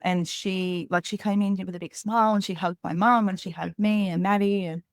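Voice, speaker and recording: A woman's voice: mid-range voice, fairly even intonation, brisk, no echo, studio quality. A woman in her thirties, a podcast guest, telling a personal story candidly in a rambling way with lots of "like".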